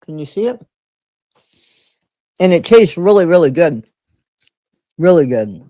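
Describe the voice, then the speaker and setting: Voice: mid-range voice, big pitch swings, a little slow, dark tone, dry recording. Chatty livestream host, dry close sound. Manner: chatty, greets viewers by name while eating. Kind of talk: casual livestream chat.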